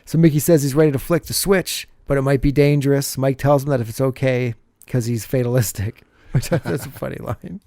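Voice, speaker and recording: A man's voice: mid-range voice, fairly even intonation, a little fast, vocal fry, few pauses, warm tone, no room sound, clean studio sound. A man co-hosting a podcast, casually recapping a TV episode scene by scene and laughing often as he goes.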